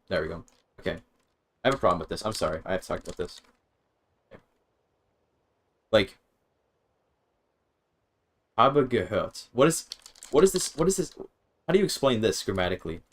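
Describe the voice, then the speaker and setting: A man's voice: low voice, a bit bright, a little hiss or hum. Rambling male streamer thinking aloud. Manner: rambling, self-interrupting, swears freely. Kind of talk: casual gaming stream chat.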